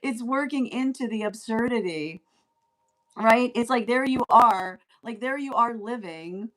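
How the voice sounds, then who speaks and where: A woman's voice: on the high side, unhurried. A woman giving a casual spoken tarot reading, rambling and often asking "right?" as she laughs along. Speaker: tarot reader.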